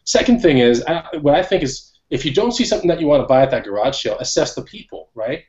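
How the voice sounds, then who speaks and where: A man hosts a relaxed chat show and talks quickly, with rapid words piling into loose, slangy rambles. His voice sits in a middle range and sounds dull and lo-fi. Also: fairly high pitch. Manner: fast, rambling, laid-back slang. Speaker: host. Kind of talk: casual chat.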